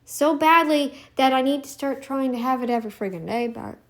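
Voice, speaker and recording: A woman's voice: high-pitched, brisk. A woman vlogger ranting in casual commentary, emphatic and defiant, repeating herself for effect.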